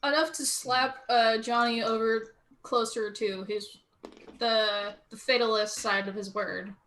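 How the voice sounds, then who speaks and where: Bright, sharp-toned woman recapping a scene. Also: fairly high pitch, steady tone, unhurried. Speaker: tabletop game player. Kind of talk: casual chat recapping a game.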